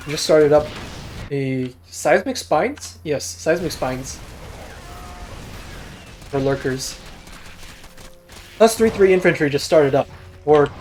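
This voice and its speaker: A man's voice: a little high, a little mellow. A young man giving casual, self-deprecating solo commentary on a strategy game replay. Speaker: game caster.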